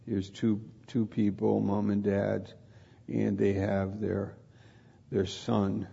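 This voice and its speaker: A man giving an informal sermon on scripture, talking in a halting way that repeats and restarts words as he reflects. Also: fairly low pitch, flat delivery, creaky, dark tone, husky, muffled recording.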